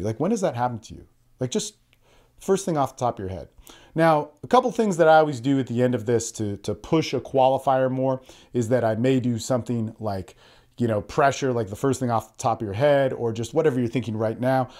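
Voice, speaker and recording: Earnest male podcast coach, mid-pitched voice, tutorial delivery with acted-out example lines. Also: a little mellow. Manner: earnest, repeats words, shifts into quoted example speech. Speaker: podcast host and social skills coach.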